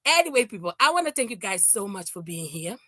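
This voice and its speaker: A woman's voice: medium pitch, fast talker, dry recording, studio quality. A woman doing a casual, mocking commentary rant. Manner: mocking, animated, fake crying and singing impressions. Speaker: commentary streamer.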